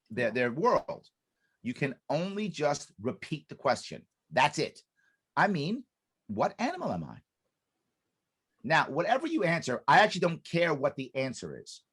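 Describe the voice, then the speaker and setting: A business consultant appearing as a podcast guest explains a method emphatically, repeating key points and restarting sentences. He is animated and acts out quoted dialogue, with a fairly high, slightly rough voice.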